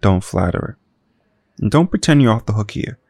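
A man's voice: fairly low pitch, lively intonation, moderate pace, darkish tone, husky, dry recording. A man voicing a jaded, hard-drinking woman private detective with a dry, wisecracking manner. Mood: sardonic. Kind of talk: audio drama.

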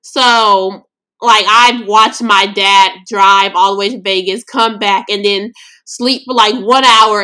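A woman's voice: mid-range voice, pushed and bright. A young woman from Los Angeles hosting a podcast, telling a personal story in a blunt, slangy, emotional way. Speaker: podcast host.

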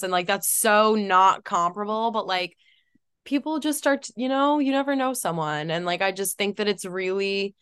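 A young woman co-hosting a podcast, talking in casual chat full of "like" fillers and quick laughs. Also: medium pitch, a bit bright, clean tone, no echo, clean studio sound. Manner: chatty, frequent "like" fillers, laughs often. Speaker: podcast co-host.

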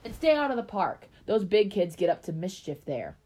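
A woman's voice: lowish voice, animated, normal speed, warm tone, husky. A woman voicing a strict, no-nonsense mother in a read-aloud story, stern and commanding.

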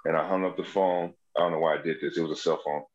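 A comedian spins rowdy, profane tales in casual podcast chat, slipping into the voices of the people in his stories. His voice sits fairly low. The recording sounds dull and a little lo-fi. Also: very fast. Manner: animated, profane, acts out quoted voices. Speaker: comedian guest.

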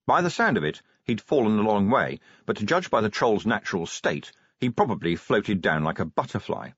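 A man narrating an audiobook in an animated, wry storytelling manner. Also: fairly low pitch, moderate pace, slightly rough, dry recording, dull audio. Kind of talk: scripted narration.

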